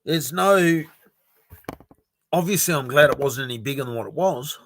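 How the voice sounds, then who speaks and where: A man's voice: medium pitch, normal speed, creaky. A man chatting casually on a livestream about crypto, frank and rambling, with sighs, laughs and some swearing. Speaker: crypto project founder streaming to his community. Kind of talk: casual livestream chat, reading viewer comments.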